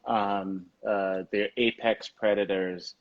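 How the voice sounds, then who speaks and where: Guy with a lowish voice, laid-back chat, animated stories. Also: slow pace, dull audio. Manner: animated storyteller, laughs easily. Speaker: podcast host. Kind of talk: casual chat.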